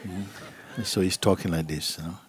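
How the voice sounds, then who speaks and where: A middle-aged man, a spiritual teacher, giving a gentle, unhurried talk and acting out voices in his stories. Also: low voice, fairly even intonation, a little hiss or hum. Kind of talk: satsang talk, storytelling. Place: gathering hall.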